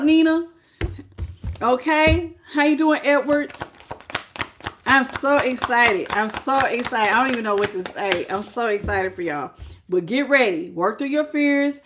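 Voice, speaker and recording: A middle-aged woman reading tarot on a live stream, animated and exclamatory, greeting her viewers by name. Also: high-pitched, normal speed. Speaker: tarot reader.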